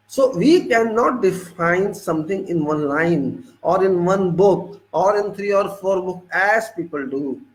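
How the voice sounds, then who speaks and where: A man's voice: fairly high pitch, poor audio. A man with an Indian English accent, from India, giving an emphatic, repetitive monologue as a civil engineering lecturer.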